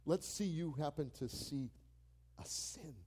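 A male pastor delivers a lively sermon with a fairly high voice for a man. He leans on repetition to drive his points home and slips into playful voices when he acts out phone calls. It sounds like a church service. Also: unhurried, slightly rough. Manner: animated, repeats key phrases for emphasis.

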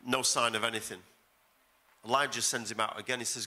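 A man's voice: mid-range voice, steady tone, fairly quick, long pauses, pushed and bright. A middle-aged man preaching as a guest pastor at a church service, emphatic and repeating phrases for effect. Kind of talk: sermon.

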